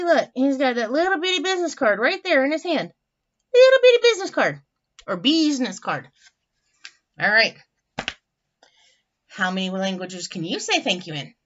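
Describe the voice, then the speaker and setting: Woman teacher, picture-book read-aloud, high bright lively voice, chatty asides, dull lo-fi recording. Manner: animated, chatty asides to children.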